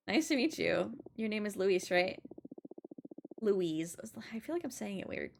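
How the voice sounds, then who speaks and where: A woman commentating a game playthrough, gushing and excitable as she reads dialogue aloud. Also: medium pitch, normal speed, slight background noise. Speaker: streamer.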